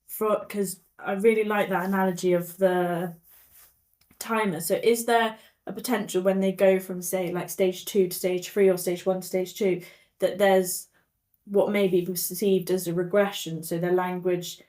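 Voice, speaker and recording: A woman's voice: fairly low pitch, flat delivery, moderate pace, darkish tone. A woman hosting a podcast, asking questions and giving frequent short supportive agreements. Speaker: podcast host. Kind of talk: casual podcast interview.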